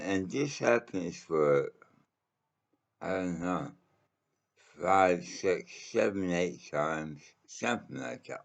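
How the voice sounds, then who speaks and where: A man hosting his own channel, telling a casual personal anecdote in a halting, rambling way with lots of fillers and the odd swear word. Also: low-pitched, creaky, fairly bright tone.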